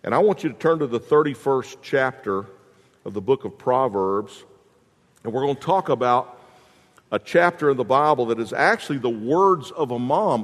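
A long reverb tail follows the mid-range voice of a man giving a sermon as a pastor. His delivery is folksy storytelling, marked by repeated restarts.

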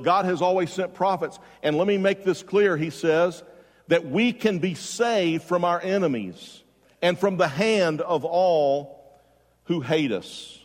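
Pastor guy preaching, kinda high voice, big echo like a church hall. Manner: preaching with rising emphasis, direct questions to the congregation. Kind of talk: sermon. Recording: long hall reverb.

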